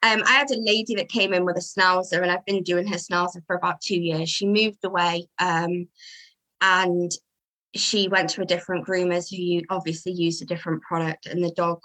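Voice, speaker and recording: Chatty lady groomer, bright voice, animated storytelling. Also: fairly low pitch, moderate pace, poor audio. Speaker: dog groomer. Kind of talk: casual interview chat.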